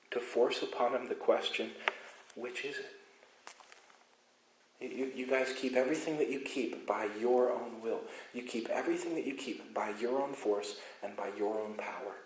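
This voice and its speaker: A man preaching a sermon as pastor, emphatic, moving between loud insistence and quiet asides. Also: mid-range voice, normal speed, reverberant, slight background noise, low-quality recording. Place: church sanctuary.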